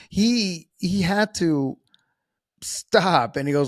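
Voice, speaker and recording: A man's voice: high voice, animated, drawn-out words, pauses often, no room sound, clean studio sound. A man hosting a solo podcast, talking casually in a rambling, self-deprecating way with frequent restarts. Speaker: podcast host.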